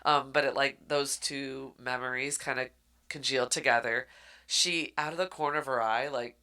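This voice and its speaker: A woman co-hosting a podcast, retelling a book in casual, animated chat and acting out the characters' quotes. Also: rumbling low, moderate pace. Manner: animated storytelling, acts out quotes. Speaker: podcast co-host.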